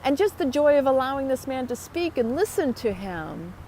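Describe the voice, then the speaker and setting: A woman's voice: high voice, very animated, normal speed, warm tone, slight background noise. A woman talking to her viewers in a motivational vlog, upbeat and chatty. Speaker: vlogger. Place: outdoors.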